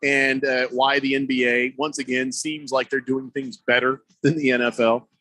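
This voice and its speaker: Man, sports radio host, casual talk, bright forceful tone, dry studio sound. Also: mid-range voice, moderate pace, no room sound. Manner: animated, laughing, mocking impressions.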